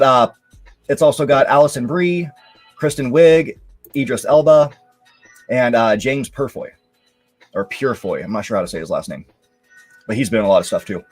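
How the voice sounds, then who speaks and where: A young man talks loosely on a live show, drifting through thoughts with plenty of fillers. His voice sits at an ordinary middle pitch. Soft music plays faintly underneath. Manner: relaxed, rambling, lots of fillers. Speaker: show host. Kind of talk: casual live-stream commentary.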